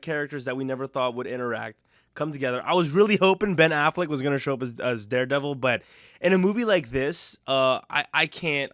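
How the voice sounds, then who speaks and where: A man's voice: medium pitch, a bit bright, no echo, studio quality. A young man giving a casual, rambling movie review, enthusiastic and full of fillers and restarts.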